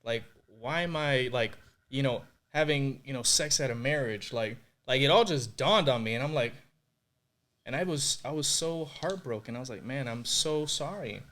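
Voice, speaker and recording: A man's voice: mid-range voice, normal speed, a bit bright. Earnest young man sharing a faith testimony. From Puerto Rico. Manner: earnest, emotional, many fillers like "like" and "you know". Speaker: podcast guest.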